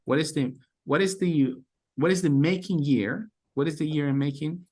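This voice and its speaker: A man's voice: on the high side, normal speed, a little mellow, husky. A man teaching call center English on a video call, repeating phrases and encouraging the learners. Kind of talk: online class coaching.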